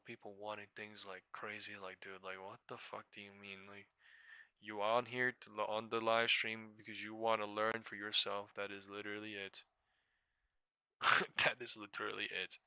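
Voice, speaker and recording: A young man hosting a live trading stream, ranting in a profane, exasperated way with sudden bursts of loudness. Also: on the low side, level tone, moderate pace, clear, resonant tone, no room sound. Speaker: stock trading livestream host.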